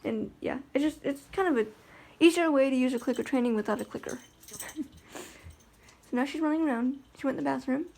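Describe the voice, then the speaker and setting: A woman's voice: sits high, brisk, creaky, a little mellow, a little hiss or hum. A woman talking in a casual vlog about life with her guide dog, chatty and rambling with lots of fillers and restarts.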